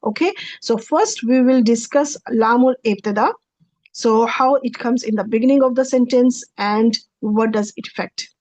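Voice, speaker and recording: A woman's voice: fairly high pitch, moderate pace, darkish tone, no room sound. A woman teaching a Quranic Arabic grammar lecture over slides, explaining patiently with frequent restarts and repetitions. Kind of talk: slide-based online lecture.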